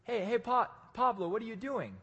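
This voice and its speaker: A man voicing an excitable young man who fires off repeated eager questions, in an echoey hall. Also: extremely high pitch, normal speed, husky, highs cut off, voice pushed up, exaggerated voice. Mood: excited.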